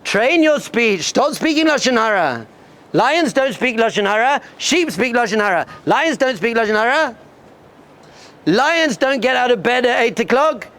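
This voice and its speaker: High-pitched, bright-voiced rabbi's pep talk. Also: male voice, normal speed. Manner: animated storyteller, acts out bleating sheep and roaring lion; emphatic, repeats short punchy lines. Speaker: rabbi addressing yeshiva students. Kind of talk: energetic pep talk with storytelling.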